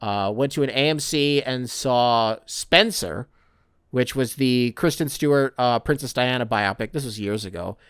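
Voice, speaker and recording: Alone on the mic, a young podcast host wanders from topic to topic, cursing and mocking himself. His mid-range voice is unhurried, clear and resonant with a fairly bright tone, in echo-free, studio-quality audio.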